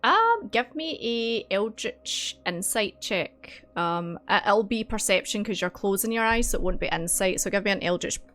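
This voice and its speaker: A woman narrating as dungeon master for a tabletop game, relaxed and chatty with lots of fillers. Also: medium pitch, normal speed, few pauses, soft background music. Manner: relaxed, filler-heavy narration with easy laughs. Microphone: streaming mic.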